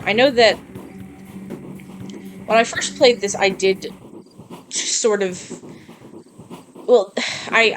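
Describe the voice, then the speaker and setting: A woman's voice: medium pitch, a little hiss or hum. A woman giving casual, chatty let's-play commentary, self-deprecating and swearing freely. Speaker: gamer playing through a game.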